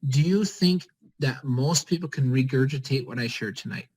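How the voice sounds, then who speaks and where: A man's voice: mid-range voice, moderate pace, husky, poor audio. A man leading a motivational pep talk on a group call, urging his team on with short, repeated commands. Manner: energetic, repetitive, urging listeners with short commands. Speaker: team leader on a network-marketing call.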